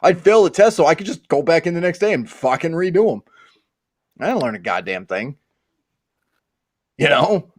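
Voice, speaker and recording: A man rambles through a casual podcast chat, swearing freely and getting excitable. His voice sits somewhat high for a man. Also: normal speed, long pauses. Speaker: podcast host and author.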